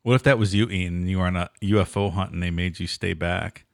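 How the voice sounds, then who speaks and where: A man's voice: low-pitched, fairly even intonation, fast, no room sound, studio quality. A man co-hosting a podcast, chiming in with agreement and jokey asides in casual banter. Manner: chimes in with agreement and jokey voices. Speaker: podcast co-host.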